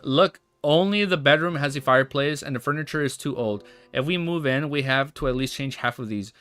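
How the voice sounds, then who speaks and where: A male livestreamer reading a novel aloud to his chat, breaking off into excited, chatty reactions between passages. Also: mid-range voice, brisk, soft background music. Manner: reads narration steadily, then breaks off into excited chatty reactions.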